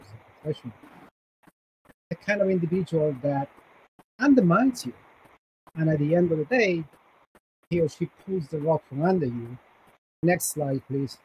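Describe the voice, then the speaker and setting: A man coaching managers from a stage, building his points through repeated phrases and a personal story. His voice sits a little high, with a faint hiss of background noise under it. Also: low-quality recording. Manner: storytelling, emphatic repetition. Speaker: career and executive coach. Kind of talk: conference talk with slides.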